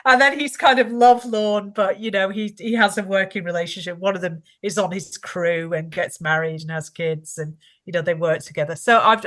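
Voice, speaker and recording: A woman's voice: on the low side, fairly bright tone. A woman, an author guest in a casual podcast interview, self-deprecating, laughing often and restarting her sentences.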